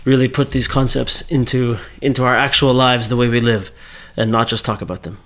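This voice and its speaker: A man's voice: mid-range voice, steady tone, a little fast, a bit bright. Man, Torah teacher, mid-range voice, casual conversational lesson delivery. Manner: conversational, thinking aloud with fillers and self-corrections.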